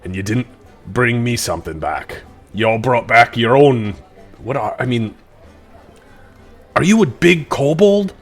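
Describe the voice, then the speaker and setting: A man's voice: mid-range voice, animated, a little slow, pauses often, faint music behind. A man playing a rowdy drunken dwarf. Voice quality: loud and coarse, swearing. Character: gruff drunken male dwarf, boisterous.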